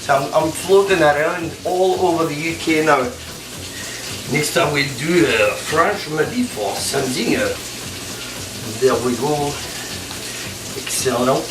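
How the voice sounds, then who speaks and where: A man's voice: on the high side, slow pace, pauses often, background noise, voice pushed down. A man putting on a rambling English cook. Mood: chatty. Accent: put-on English. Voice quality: rambling, silly, self-talking. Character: chatty British alter ego of the man, cooking. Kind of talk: cooking demonstration in character. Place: home kitchen with frying. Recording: roomy kitchen, distant mic, loud music.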